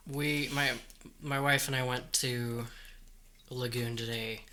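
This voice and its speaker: A worn-out man hosts a podcast in subdued casual chat. His mid-pitched voice is bright, and a faint hiss sits beneath it. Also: fairly even intonation, slow. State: tired. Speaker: podcast co-host.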